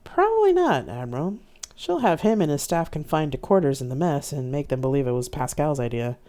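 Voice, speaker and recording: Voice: mid-range voice, very animated, brisk, mellow, natural voice. A reader voicing a blunt, swearing starship captain. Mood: wry. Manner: swearing, wry.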